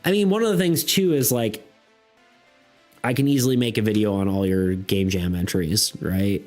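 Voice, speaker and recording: A man's voice: on the low side, normal speed, darkish tone, soft background music. A man streaming, chatting casually and reading chat messages aloud, full of fillers and restarts.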